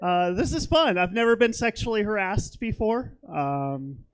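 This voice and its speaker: A man's voice: high voice, big pitch swings, measured pace, clean tone. A young man doing a stand-up comedy set on a theater stage, rambling and self-deprecating, with lots of fillers.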